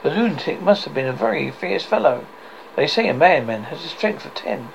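Man reading as a calm middle-aged doctor, gravelly, fairly high voice. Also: brisk, lo-fi sound, slight background noise, heavily acted. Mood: reassuring. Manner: reads lines plainly with little change of voice.

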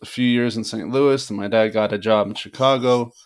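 A man from the American Midwest, an author guesting on a casual podcast, easygoing and quick to laugh. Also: fairly low pitch, steady tone, clear, resonant tone.

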